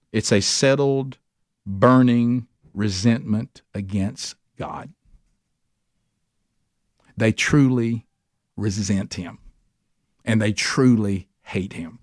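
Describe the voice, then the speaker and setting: A man's voice: mid-range voice, no room sound, studio quality. A man teaching a men's Bible study in an earnest, emphatic preaching style, with a Southern US accent. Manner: earnest, emphatic preaching with sudden rises for stress. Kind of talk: sermon.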